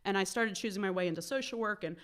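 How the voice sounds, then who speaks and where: A woman's voice: medium pitch, fast, a bit bright. A young adult woman on a panel telling her personal story in a chatty way, often saying "like" and acting out what she once said. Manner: chatty, fills speech with "like", acts out her own past remarks.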